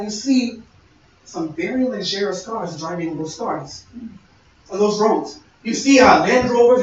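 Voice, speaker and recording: Young male speaker, sermon-style storytelling, distant and muffled recording. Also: high-pitched. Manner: conversational, storytelling with quoted dialogue. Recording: echoey, distant, dull-sounding room recording.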